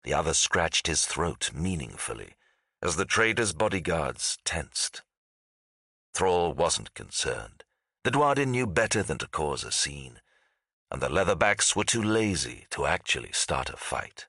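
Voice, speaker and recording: A man reading fantasy fiction aloud as an audiobook narrator, with a measured, dramatic storytelling delivery. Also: very deep voice, very animated, bright, forceful tone, husky, no echo, studio quality.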